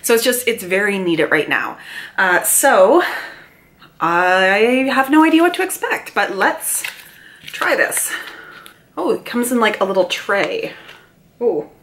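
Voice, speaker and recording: A chatty woman talks to the camera from home, reviewing a beauty product. She reads the details aloud, adds playful asides and lets her pitch jump around. Her voice carries a mild cold. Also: animated, slow pace, pauses often, fairly bright tone. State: mild cold, mouth breathing. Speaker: beauty vlogger.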